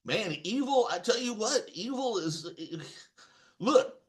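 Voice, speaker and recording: A man's voice: very high-pitched, expressive, slow pace. A man from Texas ranting in a rambling stream-of-consciousness monologue, emphatic and repeating himself as he restarts his sentences. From Texas, USA. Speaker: political commentator.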